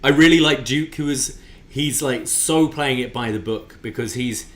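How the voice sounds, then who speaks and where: A man's voice: mid-range voice, normal speed. A man co-hosting a casual wrestling review podcast, talking with enthusiasm and often restarting his sentences. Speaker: podcast co-host.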